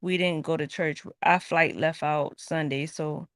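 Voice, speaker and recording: A woman co-hosts a casual late-night chat, speaking a little slowly in a low-pitched voice with studio-quality sound and no room echo. She's an animated storyteller who acts out the people she quotes.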